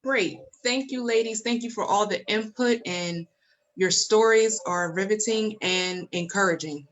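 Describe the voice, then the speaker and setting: A woman moderates a virtual forum over a video call. She speaks politely at a mid-range pitch, reading out questions and handing over to the next speaker. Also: measured pace, low-quality recording. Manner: polite, transitional, reads out questions.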